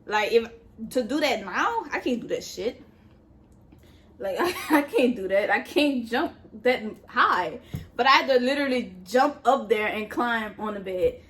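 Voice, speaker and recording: Casual storytime vlog A woman tells her story in an animated, foul-mouthed way and keeps talking straight to her viewers. Her voice sits a little high for a woman, and she often drops into quieter, lower asides. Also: measured pace. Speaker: vlogger.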